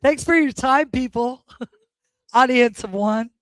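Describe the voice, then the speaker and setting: Woman, open mic comedian, self-deprecating, unhurried pace. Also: on the high side, no room sound. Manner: awkward, self-deprecating delivery. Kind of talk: stand-up comedy set.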